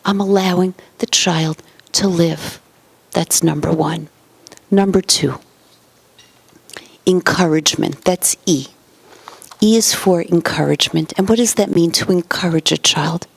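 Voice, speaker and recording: A woman giving a parenting lecture in numbered points, acting out quoted parents and children and often dropping to a soft whisper. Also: lowish voice, measured pace, creaky, pauses often, slightly rough, dry recording. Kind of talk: motivational lecture.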